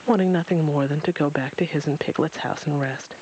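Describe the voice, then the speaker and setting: Man reading a storybook gently. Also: on the high side, normal speed, lo-fi sound, a little hiss or hum.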